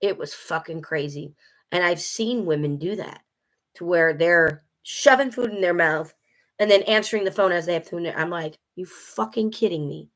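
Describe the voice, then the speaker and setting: Blunt, venting woman, low voice. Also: moderate pace. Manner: blunt, swears freely, venting. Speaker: vlogger. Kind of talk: casual monologue to camera.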